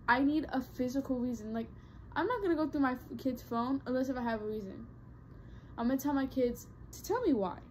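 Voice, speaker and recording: A young woman talks to her viewers in a casual vlog, earnest and emphatic, circling back to repeat her points. Her voice sits a little high for a woman. A faint hiss of room noise runs under the recording. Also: poor audio. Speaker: vlogger. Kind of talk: casual advice talk to camera.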